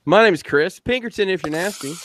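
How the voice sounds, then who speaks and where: A man's voice: high-pitched, expressive, quick pace, a bit bright, a little hiss or hum. A man hosting a podcast over a video call, joking loosely and swearing now and then. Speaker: podcast host. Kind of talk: casual chat.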